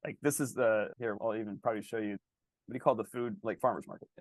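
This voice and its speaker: A man's voice: fairly low pitch, steady tone, no room sound. A man co-hosting a podcast, chatting enthusiastically and packing his talk with fillers. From Italian heritage. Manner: fast, enthusiastic, full of fillers like "like". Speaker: podcast co-host. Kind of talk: casual chat.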